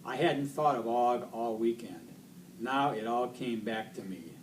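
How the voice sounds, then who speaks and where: A man reading a children's book aloud in an expressive storytelling voice. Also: medium pitch, measured pace. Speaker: reader. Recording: distant mic, faint noise.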